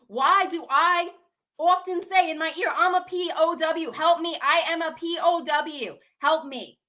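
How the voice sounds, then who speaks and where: A young adult woman hosting a channel delivers an emotional monologue to camera, an agitated, repetitive rant packed with swearing and rhetorical questions. Her voice is very high, bright and pushed, yet unhurried.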